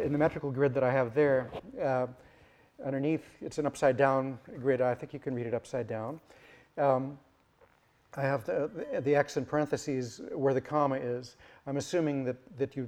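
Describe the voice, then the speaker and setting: A male lecturer talking through an academic point at a middle pitch. He stops and restarts often and fills the gaps with ums and uhs. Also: a little mellow. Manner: halting, many fillers and restarts.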